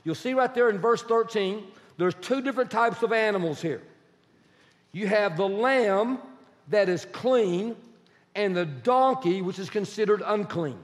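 A man's voice: high-pitched, measured pace, long reverb tail. A male pastor preaching a sermon, quizzing his congregation and leaning hard on key words. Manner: quizzes the congregation, animated and emphatic.

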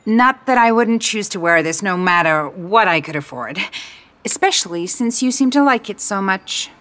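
A woman's voice: mid-range voice, lively intonation, moderate pace, a bit bright, natural voice. A woman narrator voicing an eager, chatty young woman who is romantic and stubborn. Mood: curious.

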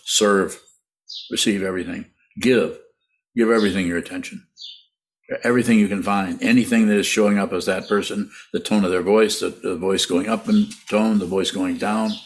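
A low-voiced man teaching meditation in an unhurried, halting way. He often restarts and repeats words, and breaks into laughs as he answers listener questions.

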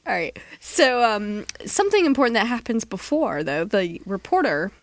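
A woman's voice: on the high side, big pitch swings, no room sound. Joking woman co-host, dry close mic. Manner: joking, quick to laugh, acts out quotes. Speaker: podcast co-host. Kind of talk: casual movie recap chat.

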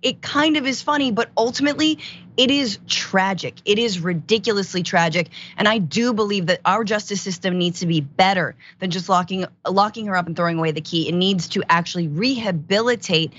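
A woman's voice: mid-range voice, brisk, fairly bright tone. Woman co-hosting news commentary, muffled sound. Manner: earnest, opinionated commentary. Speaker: guest co-host.

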